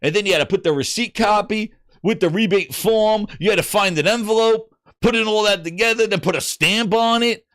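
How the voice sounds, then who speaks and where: A man hosting a gaming show, telling a story in casual livestream chat, animated and swearing. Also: high-pitched, brisk, few pauses, no room sound, studio quality. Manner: animated, swearing, acts out voices in anecdotes.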